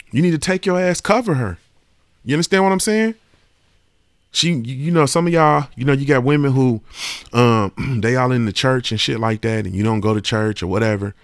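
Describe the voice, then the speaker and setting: Gravelly man ranting on a podcast. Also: medium pitch, no room sound, studio quality. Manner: emphatic, profane, keeps asking "you understand what I'm saying". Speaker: podcast host. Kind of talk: casual podcast monologue.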